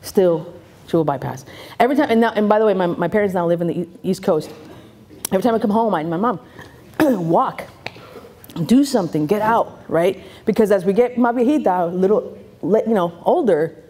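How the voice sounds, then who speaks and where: Animated woman comedian on stage. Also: medium pitch, fairly quick. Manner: animated, laughs often, acts out family voices. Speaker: comedian and keynote speaker. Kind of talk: stand-up storytelling to a live audience. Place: event stage before a live audience.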